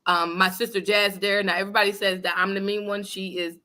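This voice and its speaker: A woman hosting a casual talk show, telling a story in an animated, emphatic and blunt way. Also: mid-range voice, a little fast. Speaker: host. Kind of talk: casual chat. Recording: live online radio show.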